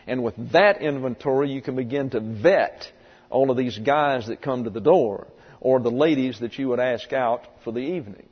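A man preaching a sermon, stressing key words slowly and asking rhetorical questions of a congregation. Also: mid-range voice, slightly rough. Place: church or lecture hall with congregation. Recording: dull sound with long hall reverb.

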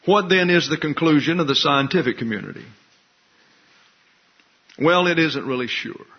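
A man's voice: a little high, normal speed, breathy edge, muffled recording. An older man preaching a sermon, folksy and teasing, with asides to the congregation. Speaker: pastor.

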